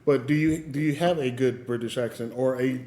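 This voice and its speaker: A man's voice: mid-range voice, fairly quick, a little mellow, echoey room. A man co-hosting a podcast in casual chat, loose and full of fillers. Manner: loose, laughing, filler-heavy. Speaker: podcast co-host.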